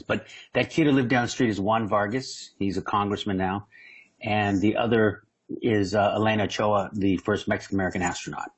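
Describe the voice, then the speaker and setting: A man from San Diego talks as a comedy guest, spinning animated, joking stories in a relaxed interview. His voice sits somewhat low with a husky, slightly rough edge. He rambles and restarts as he goes. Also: rough recording. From San Diego, California. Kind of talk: casual interview storytelling.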